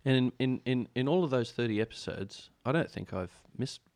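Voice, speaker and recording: A man co-hosting a casual comedy podcast, ribbing his partner in a deadpan way. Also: medium pitch, brisk, no echo. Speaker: podcast co-host.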